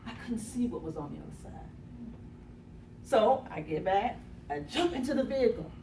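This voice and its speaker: A woman's voice: mid-range voice, animated, normal speed, mellow, slight background noise. A woman motivational speaker telling a dramatic personal story, acting out the quotes with gasps and bursts of laughter. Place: conference room. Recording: echoey room from a distance.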